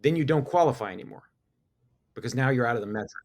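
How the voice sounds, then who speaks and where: A man's voice: mid-range voice, lively intonation, quick pace, a little mellow. Talkative middle-aged man on a podcast. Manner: talkative, restarts, laughs easily. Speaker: business owner guest. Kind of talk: casual podcast conversation.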